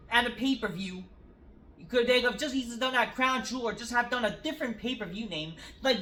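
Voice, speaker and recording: A woman's voice: a little high, fairly bright tone. Profane, exasperated woman ranting in a roomy space. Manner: sarcastic. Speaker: wrestling show reviewer. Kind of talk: casual review rant. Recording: roomy echo.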